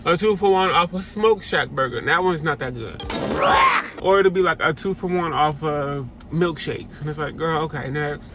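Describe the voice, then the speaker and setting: A young man vlogs casually as he walks around a city park and rides in a car, eating along the way. His voice sits on the high side and is animated at a moderate pace, chatty and playful, often laughing through his asides, with background noise in the recording.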